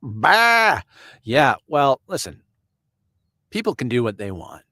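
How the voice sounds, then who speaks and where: A man's voice: medium pitch, huge pitch swings, measured pace, fairly bright tone, dry recording, clean studio sound. A man from Canada hosting a casual live stream. He reads viewer comments aloud, answers people by name and chuckles often.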